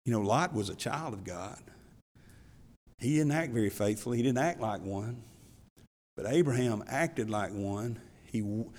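A man preaching from the pulpit in a plain, folksy manner, reading scripture and retelling Bible stories. His voice sits at an ordinary pitch for a man. The church has a long, echoing reverb. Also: animated, unhurried, pauses often, a little mellow. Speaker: pastor. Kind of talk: sermon.

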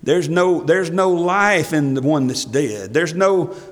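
A male pastor preaching a sermon, reading scripture in old-fashioned wording and rising to emphatic passages before dropping quiet. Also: a little high, slow pace. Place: church sanctuary. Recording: long hall reverb from a church.

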